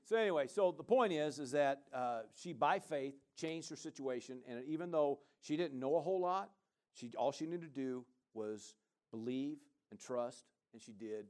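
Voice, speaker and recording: A male pastor preaching a sermon, animated, with rambling, chatty asides to the congregation. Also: medium pitch, normal speed.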